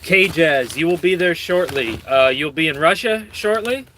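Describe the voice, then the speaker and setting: A man's voice: a little high, animated, moderate pace, pushed and bright, slight background noise. A man hosting his own channel, reading news stories with rambling, sardonic and profane commentary. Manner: rambling, sardonic, swears a lot. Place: lives in Michigan.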